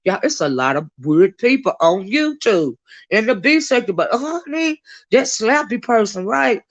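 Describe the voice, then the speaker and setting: A woman's voice: a little high, big pitch swings, measured pace. A woman hosting a live gossip stream, chatty and blunt, cussing freely and greeting viewers in the chat. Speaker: livestream host. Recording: dull lo-fi stream audio.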